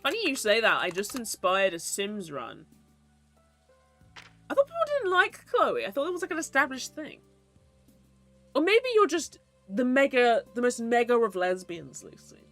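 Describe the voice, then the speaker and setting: Bright, lively high-pitched woman streamer. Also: moderate pace, faint music behind. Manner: playful, teasing, swears, slips into mock-archaic theatrics. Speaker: livestreamer. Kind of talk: casual livestream chat with viewers.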